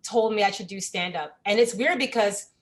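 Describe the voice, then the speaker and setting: A woman's voice: medium pitch, moderate pace. A woman comedian on a talk show panel, telling stories in a slangy, laughing way. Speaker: comedian co-host. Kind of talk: casual panel chat.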